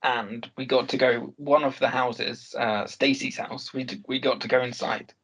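A man's voice: mid-range voice, steady tone, moderate pace, a bit bright. A man co-hosting a podcast, telling stories in an easygoing casual chat. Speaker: podcast co-host. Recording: dull lo-fi sound.

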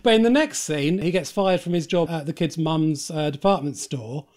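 Male host, high-pitched, dry wit, presents the picks. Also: normal speed, darkish tone. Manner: dry and wry, lists film facts. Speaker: podcast host. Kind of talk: casual film chat.

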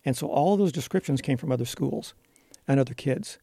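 A gravelly, dark-voiced man talks through his classroom work as an interview guest. He explains earnestly and pauses on "uh" fillers. The sound is dry and close. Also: mid-range voice, lively intonation, no echo. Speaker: elementary school teacher, interview guest.

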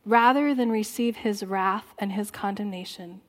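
A woman preaching a sermon in church, earnest and exhorting, dropping soft and low at times. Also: moderate pace, hardly any pauses. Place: church sanctuary.

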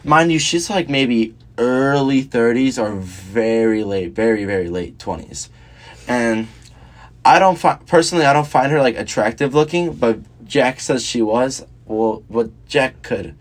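A young man co-hosting a loose, casual podcast chat. He tells a rambling story and keeps saying "she's like" before each quote. His voice sits at an ordinary middle pitch. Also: animated, measured pace. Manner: rambling, repeats "she's like" and puts on a high voice for quotes. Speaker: podcast co-host.

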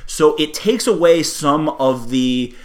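A man's voice: fairly high pitch, lively intonation, slow pace. A man co-hosting a casual sports talk show, arguing his point and telling long mocking hypotheticals.

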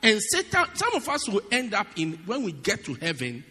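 A man preaching a sermon in an animated, humorous way, often asking his listeners if they get it. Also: high voice, normal speed, husky. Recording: long reverb of a large hall.

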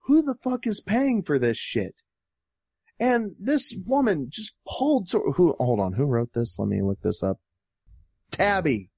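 A man with a fairly high voice that swings up and down as he rants, sarcastic and profane. The sound is close and dry, with no room around it. He talks like a co-host picking apart articles in casual chat. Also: a little mellow, no room sound. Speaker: podcast co-host. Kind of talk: casual ranting commentary.

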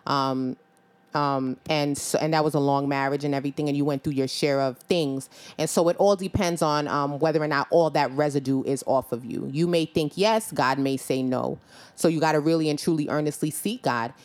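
Low-voiced woman hosting a church-talk podcast, slow with lots of ums, calls folks honey. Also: steady tone, darkish tone. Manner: unhurried, full of "um" pauses, calls people honey and babe. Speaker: podcast co-host. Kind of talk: faith-based conversation.

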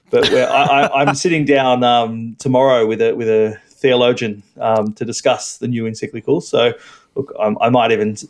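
A man's voice: medium pitch, a little mellow. A male priest in casual podcast conversation, hesitant, with many fillers and restarts. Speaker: Catholic priest, podcast guest.

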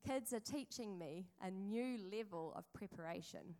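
A woman's voice: mid-range voice, animated, normal speed, dark tone. A woman, preaching a sermon in a chatty storytelling way with asides to the congregation. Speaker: pastor.

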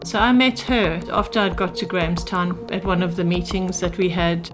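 An older woman from South Africa tells her story in an earnest, reflective way, her voice sitting fairly low. She recounts her time as a spy with quoted dialogue, and music plays under her speech. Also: steady tone, normal speed. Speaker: former spy interviewee. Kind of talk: personal storytelling.

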